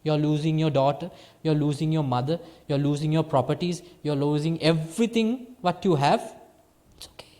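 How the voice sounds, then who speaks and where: A Sri man, a Buddhist monk giving a lively dharma talk to a small group, moving between hushed and emphatic phrasing with playful laughter. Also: fairly high pitch, moderate pace. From Sri Lanka. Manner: lively teaching, swings between soft and emphatic.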